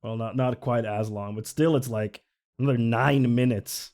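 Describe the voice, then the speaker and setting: A man's voice: medium pitch, fairly even intonation, moderate pace, darkish tone. A man streaming live, reacting to a video with incredulous, laughing commentary. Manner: incredulous, laughing between remarks.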